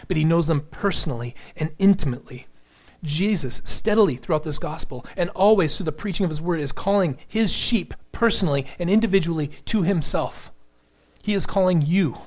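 Guy preaching a sermon, kinda high voice, earnest, builds up then goes quiet and whispery. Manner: earnest preaching, rises in pitch and force for emphasis, drops to a near whisper. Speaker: pastor.

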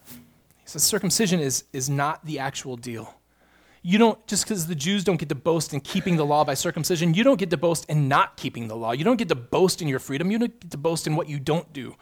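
A man with a fairly high voice delivers a sermon with earnest conviction. He presses each point by repeating phrases, rising in emphasis as he builds. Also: animated, fairly quick. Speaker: pastor.

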